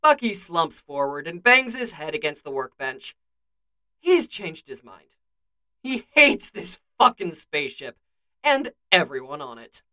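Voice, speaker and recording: Woman reading a story out loud, bright, really lively voice. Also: deep voice, a little slow. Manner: expressive storytelling. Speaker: narrator. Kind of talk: fan fiction reading.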